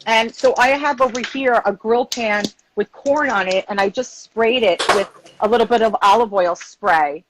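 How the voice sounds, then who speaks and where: A chatty woman from Long Island, pitched a little high, talks relaxed through a home cooking demo. She's on a video call from her kitchen, with a faint hiss of background noise. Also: normal speed. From Long Island, New York. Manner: chatty, relaxed, lots of "like" fillers. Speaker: guest chef. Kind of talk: casual cooking demonstration.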